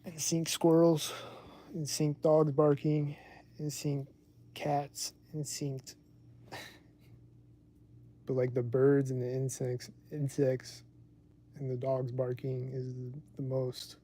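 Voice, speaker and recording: Slow and pausing often, this man's warm, medium-pitched voice stays entirely flat. He runs his own podcast on a livestream, wandering from point to point in casual talk heavy with the filler "like."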